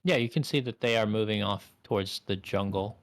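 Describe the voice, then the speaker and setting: A man's voice: fairly low pitch, brisk, no room sound, studio quality. A man narrating a tabletop game as game master, casual and profane.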